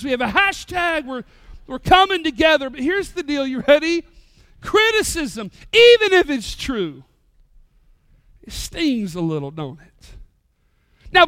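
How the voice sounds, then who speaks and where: A middle-aged male pastor, preaching a sermon with animated, joking stories. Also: very high voice, no room sound, studio quality.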